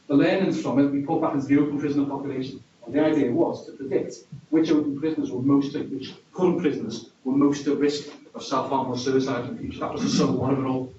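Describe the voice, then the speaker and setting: A dark-toned, mid-range male voice with a regional accent gives a self-deprecating, wry, conversational conference talk. The sound comes from a conference hall and is distant, dull and echoey, carrying a little hiss or hum.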